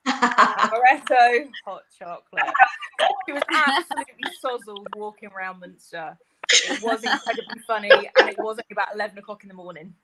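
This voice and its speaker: A woman on a video call telling a story in a lively, laughing way. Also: mid-range voice, fast talker, very noisy. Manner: animated, laughs while telling stories. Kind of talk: casual storytelling.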